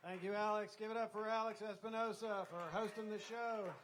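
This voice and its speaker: A man's voice: sits high, steady tone, fairly quick, fairly bright tone, slight background noise. An older man with a Southern US accent doing a folksy stand-up routine on a comedy club stage, full of chatty "you know" asides.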